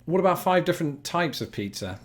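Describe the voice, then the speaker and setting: A man's voice: on the high side, very animated, brisk, over loud music. A man with an English accent hosting a casual chat at home, wry and teasing as he tastes food. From England. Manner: wry, teasing, self-deprecating. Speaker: host.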